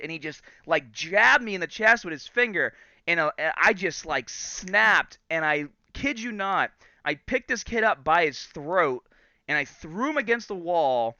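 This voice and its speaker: A man in his thirties hosting a podcast, telling a story casually and in an animated way, acting out the quotes. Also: on the high side, a little slow, dry recording, dull audio. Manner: animated storyteller, acts out quotes and laughs often. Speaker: podcast host.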